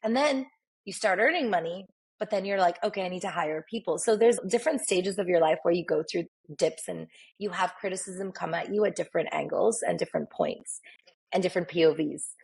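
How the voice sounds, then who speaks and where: A woman, a makeup artist, chatting as an interview guest and telling animated stories, acting out quoted dialogue. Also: lowish voice, a little fast, gravelly, slightly rough. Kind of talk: casual interview storytelling.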